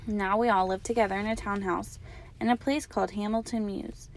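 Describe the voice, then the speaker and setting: Teacher lady reading a kids' book aloud, calm and steady, bit of gravel in her voice. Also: medium pitch, fairly quick, a little hiss or hum. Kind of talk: reading a children's novel aloud.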